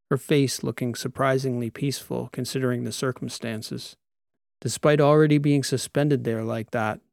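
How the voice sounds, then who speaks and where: A man narrates a science-fiction audiobook in the first person, with a steady, measured pace. His voice sits at a middle pitch, and the recording is close and dry, with no room sound. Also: dry recording.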